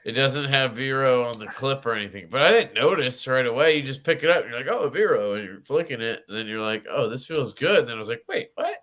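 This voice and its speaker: Profane, rambling male host with a sharp, bright tone. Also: medium pitch, fast, hardly any pauses, a little hiss or hum. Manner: profane, rambling, laughs often. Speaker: podcast host. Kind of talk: casual livestream chat.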